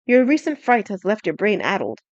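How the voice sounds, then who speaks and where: A woman voicing a brash, arrogant male knight in an audiobook, who speaks loudly and slowly with a snarl. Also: mid-range voice, wildly swooping pitch, no room sound, muffled recording. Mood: scornful. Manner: loud, slow, snarling.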